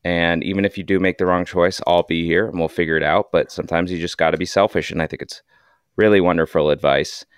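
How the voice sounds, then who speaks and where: Male co-host, very deep and smooth, eager recapper, dry sound. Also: steady tone, fast talker, dry recording. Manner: enthusiastic recapping, asks questions. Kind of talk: casual podcast chat.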